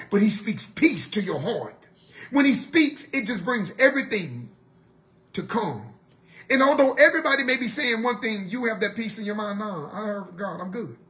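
A man with a fairly high voice teaches a Bible study in full preaching mode. His pitch leaps up and down as he presses the listeners with questions. He turns from loud urging to low, quiet asides. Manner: emphatic, asks the listeners rhetorical questions. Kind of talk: sermon-style Bible teaching.

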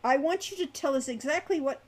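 Woman narrator doing a brash young thief, short-tempered, a little raised in pitch. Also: brisk, a little mellow, close to an everyday voice. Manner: impatient, blunt. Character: irritable young male rogue.

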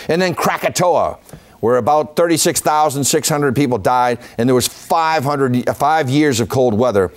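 A man giving an illustrated history talk as a folklorist, reciting dates and figures steadily with chatty asides to the audience. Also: mid-range voice. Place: senior center meeting room.

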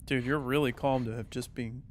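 A man commentating casually on a game playthrough, getting excited and yelping at game events. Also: medium pitch, normal speed, slight background noise. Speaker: gaming YouTuber. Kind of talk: let's play commentary.

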